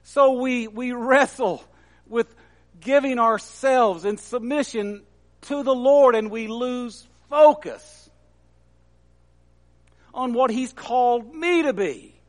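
Slow, high-voiced male preacher. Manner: slow, earnest preaching with rising emphasis. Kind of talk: sermon.

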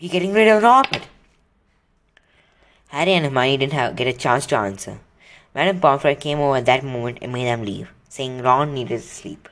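A man's voice: mid-range voice, fairly quick, a bit bright, a little hiss or hum. Man reading a storybook aloud. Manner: casual reading with slips and restarts. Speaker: reader. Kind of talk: reading a children's book aloud.

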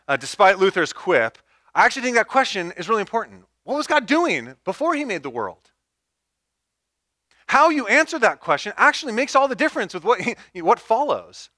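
A man's voice: high voice, bright, forceful tone, no room sound, clean studio sound. A man preaching a sermon, stepping through numbered points and repeating key phrases for emphasis. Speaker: pastor.

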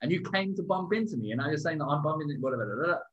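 Animated storytelling man, lo-fi. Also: fairly high pitch, rapid-fire. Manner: animated, swearing, acts out quotes loudly. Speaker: podcast co-host. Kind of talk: casual storytelling chat. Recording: dull lo-fi sound.

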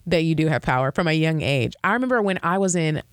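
A young woman co-hosting a podcast, telling personal stories in lively casual chat. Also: low-pitched, quick pace, dry recording, studio quality. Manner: animated, laughing storyteller. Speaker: podcast co-host.

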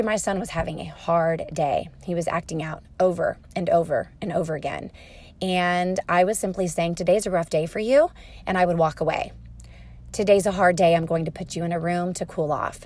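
A woman in her thirties, a mother giving calm, patient advice to parents in an explanatory talk. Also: mid-range voice, no room sound. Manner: calm, patient, explanatory, soft-spoken at times. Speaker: parenting educator.

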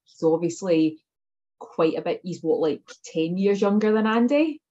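A woman's voice: lowish voice, a little slow, mellow. A woman co-hosting a casual sports chat, jokey and self-mocking. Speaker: podcast co-host. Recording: slightly dull lo-fi audio.

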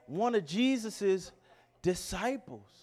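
A man voicing a curious little girl with a put-on Southern US accent, in a halting, self-mocking impression during a sermon. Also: sits high, animated, a little mellow. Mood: accusing.

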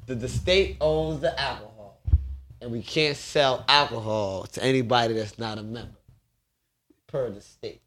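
A man's voice: mid-range voice, a little slow, a bit bright. Man, laid-back streetwise storyteller, podcast studio. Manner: laid-back, streetwise, laughs while telling stories. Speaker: bar owner guest. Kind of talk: casual storytelling.

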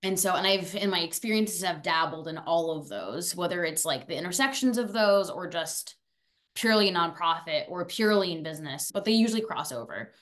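A young woman from France, a former student, talking fast and chatty in a casual interview. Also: lowish voice, animated, a bit bright.

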